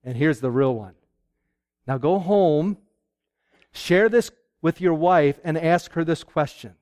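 A man preaching a sermon to a live audience, lively and acting out little exchanges between husband and wife. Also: a little high, slow pace, no echo, studio quality.

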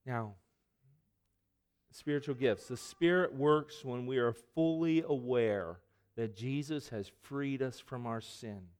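A man preaching a sermon as pastor, moving from conversational asides to the congregation into emphatic, loud passages when he quotes scripture. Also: mid-range voice, takes it slowly, smooth.

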